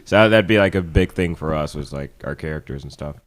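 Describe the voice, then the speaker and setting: A man chatting as a podcast guest, halting with fillers and restarts. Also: rumbling low. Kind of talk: casual podcast chat.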